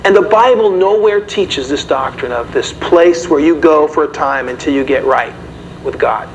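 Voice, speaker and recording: A man's voice: fairly high pitch, normal speed. Man preaching to his congregation. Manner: conversational, asks the audience questions. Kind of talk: sermon. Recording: dull, slightly noisy recording.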